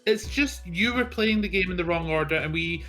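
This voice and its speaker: A man's voice: high voice, normal speed, sharp tone, soft background music. A man co-streaming a game, chatting casually and picking apart the plot's logic while chuckling often. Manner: critical, picks apart plot logic. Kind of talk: casual chat.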